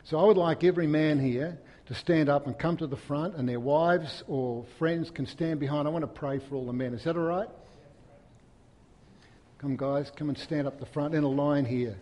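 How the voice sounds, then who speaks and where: A man preaching a sermon in a church, swinging from loud, emphatic peaks to soft, hushed stretches. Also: a little high, moderate pace, big-room sound. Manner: impassioned, rising to loud emphatic peaks then dropping soft. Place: church hall.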